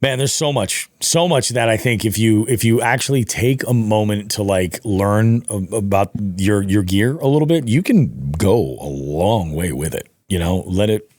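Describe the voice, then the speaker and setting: A man's voice: lowish voice, expressive, normal speed, hardly any pauses, darkish tone, no room sound. A man hosting a podcast, chatting in a laid-back, rambling way and swearing freely. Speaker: podcast host. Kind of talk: casual chat.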